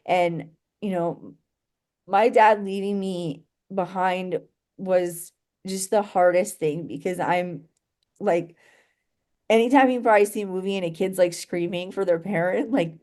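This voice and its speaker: A woman's voice: medium pitch, unhurried, darkish tone. A young adult woman telling a painful personal story in an interview, rambling and full of "like" and "you know" as she restarts her sentences.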